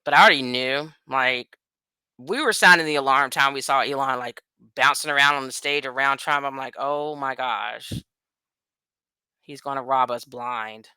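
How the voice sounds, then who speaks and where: A woman's voice: very deep voice, sharp tone, smooth, no room sound. A woman from the United States talking straight to her viewers in a blunt, profane, rambling political rant. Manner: blunt, profane, ranting, quick asides. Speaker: vlogger. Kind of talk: casual political commentary to camera.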